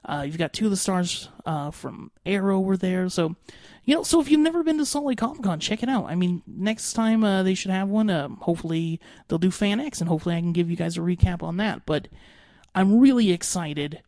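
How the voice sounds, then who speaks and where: A young man hosting a podcast, giving an excitable, rambling recap full of fillers. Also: sits high, a little fast, no room sound, studio quality. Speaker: podcast host.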